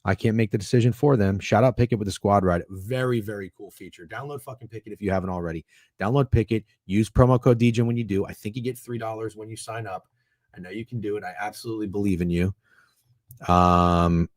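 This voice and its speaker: A sports betting streamer with a fairly low-pitched voice rambles through games and bets, swearing a lot and getting excitable. The recording carries no room sound.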